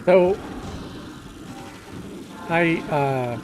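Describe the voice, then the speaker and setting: A man's voice: a little high, drawn-out words, over music. A middle-aged man casually telling a rambling story while streaming a game, with many fillers and restarts.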